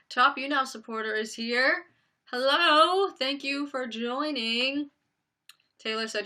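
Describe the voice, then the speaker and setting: A young woman hosting a livestream, softly reading out chat comments and thanking viewers, on a built-in laptop mic at home. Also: high-pitched, takes it slowly. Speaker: livestream host.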